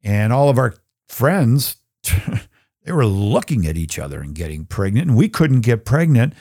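A man's voice: medium pitch, big pitch swings, no room sound, studio quality. Earnest middle-aged man teaching Scripture. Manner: earnest, conversational, reads Scripture slowly; gets choked up and soft when sharing personal grief. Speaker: podcast host. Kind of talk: reflective Bible teaching talk.

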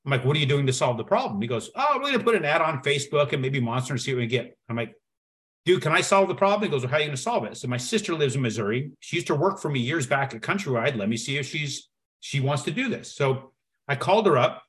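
Animated male storyteller on a podcast. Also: medium pitch, quick pace. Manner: animated storyteller acting out dialogue. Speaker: podcast guest. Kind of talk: storytelling in conversation.

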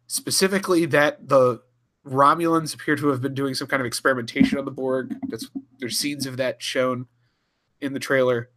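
A man's voice: medium pitch, sharp tone. A man co-hosting a casual podcast chat, rambling and swearing freely, often laughing. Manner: rambling, profane, chuckling. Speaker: podcast co-host.

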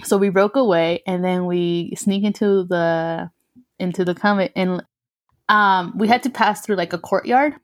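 A woman's voice: fairly low pitch, fairly even intonation, unhurried. Young woman telling a story. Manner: mixes English and Spanish, swears freely, laughs often. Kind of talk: casual chat.

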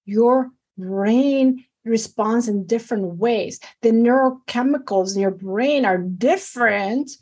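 A middle-aged woman physician talking in a casual interview, animated and emphatic, with many fillers. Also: on the high side, slow, few pauses, breathy edge. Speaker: physician guest.

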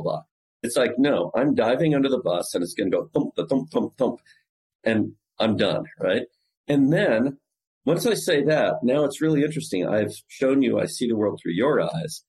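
Man, fairly low voice, very lively pitch; CEO guest on a podcast, acts out sales-call lines with big swings. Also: low-quality recording. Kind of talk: podcast interview explaining sales technique.

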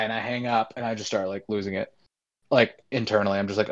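A man's voice: on the low side, fairly even intonation, fast talker, muffled recording. A man in his twenties telling a long personal story in casual talk, rambling with many fillers.

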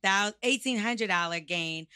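A woman's voice: medium pitch, measured pace, sharp tone, clean tone, no room sound, studio quality. A woman co-hosting a podcast in casual chat, speaking frankly and leading the segments. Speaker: podcast co-host.

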